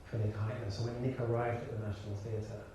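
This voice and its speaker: Fast-talking and fairly low-pitched, a man from Birmingham, England who works as an actor and director tells animated stories in an onstage conversation before an audience in a large hall. He restarts often and laughs a lot. The mic sits far away, catching echo and background hiss.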